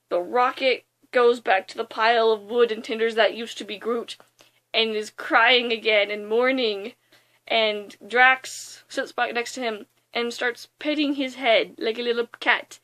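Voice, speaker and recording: A young woman casually retelling a movie's plot in a rambling, excitable way, with lots of fillers. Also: on the high side, measured pace. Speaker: movie reviewer.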